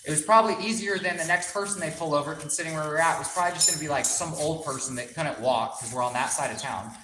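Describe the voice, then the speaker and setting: A man's voice: on the high side, racing. A man telling a rambling, profane story in casual talk, acting out other people's lines as he goes. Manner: animated, swears a lot, acts out others' lines. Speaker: shop vlogger telling a story. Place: car workshop. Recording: echoey room with faint noise.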